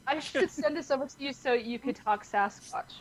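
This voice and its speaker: A woman co-hosting a casual comic book podcast, telling stories in a giggly, animated way. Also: high-pitched, normal speed. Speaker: podcast co-host.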